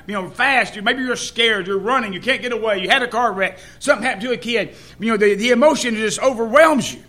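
A man's voice: sits high, pushed and bright. A man preaching a sermon in a folksy way, asking the congregation questions.

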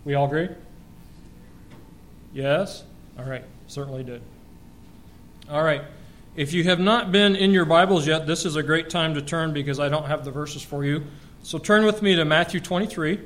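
A man preaching a sermon, lively and joking, quizzing the congregation as he goes. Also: on the high side, normal speed, pauses often.

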